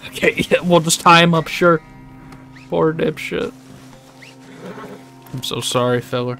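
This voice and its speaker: A man's voice: a little high, unhurried, gravelly, long pauses, bright, forceful tone, faint music behind. A young man streaming a video game, swearing, complaining and laughing in mock grief. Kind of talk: casual game commentary.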